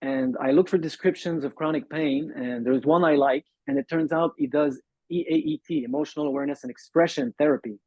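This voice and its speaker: A man's voice: on the high side, darkish tone, slightly rough, no echo. Man on a muffled call. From Montreal, Canada. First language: French. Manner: earnest, halting, acts out quoted dialogue. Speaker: guest sharing recovery story. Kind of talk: interview storytelling. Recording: dull lo-fi dry call audio.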